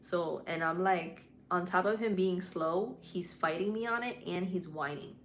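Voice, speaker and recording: Lowish-voiced woman chatting on a livestream. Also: a little slow, fairly bright tone, slight background noise. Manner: mixes english and spanish, swears freely, candid. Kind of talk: casual livestream chat. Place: home at night.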